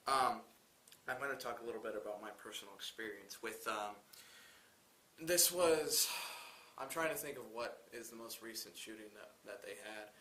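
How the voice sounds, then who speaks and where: A man's voice: lowish voice, bright, forceful tone, roomy sound, a little hiss or hum. A young man co-hosting a college talk show, hesitant and self-correcting as he explains. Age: young adult. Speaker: co-host. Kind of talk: casual talk-show commentary.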